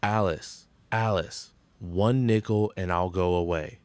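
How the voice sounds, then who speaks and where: An actor playing a gruff middle-aged diner owner who whines and pleads, in sitcom acting. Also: male voice, sits low, fairly even intonation, slow, dry recording, studio quality. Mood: pleading. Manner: whiny, pleading. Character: gruff middle-aged male diner boss, desperate gambler.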